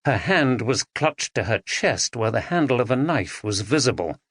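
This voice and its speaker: A man narrating an audiobook thriller, expressive and dramatic, on a close studio mic. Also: on the low side, measured pace, few pauses, dry recording. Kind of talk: scripted narration.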